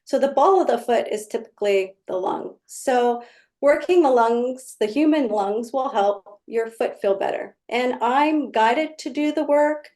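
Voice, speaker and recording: A woman's voice: a little high, unhurried, darkish tone. A woman energy healer explaining her work in casual conversation, telling client stories and acting out their exchanges. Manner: storytelling, acts out client exchanges.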